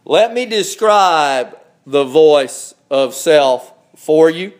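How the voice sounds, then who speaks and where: A man preaching a sermon, slow and emphatic, climbing higher when he presses a point. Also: animated.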